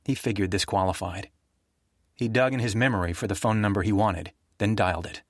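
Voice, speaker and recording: A man narrating a thriller audiobook in a steady, even storytelling manner. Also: lowish voice, fairly quick, dry recording, clean studio sound.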